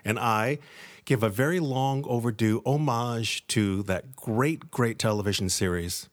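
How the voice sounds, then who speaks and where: A man's voice: medium pitch, measured pace, no room sound. A man co-hosting a podcast in a playful, theatrical way. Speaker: podcast co-host. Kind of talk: casual podcast chat.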